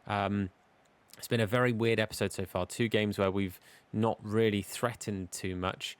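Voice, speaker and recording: A young man chats through his football game like a match commentator, hiccuping now and then. His voice sits a little low, and the sound is close and dry. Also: fairly even intonation, moderate pace, no room sound. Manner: chatty, commentator-style play-by-play. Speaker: gaming YouTuber.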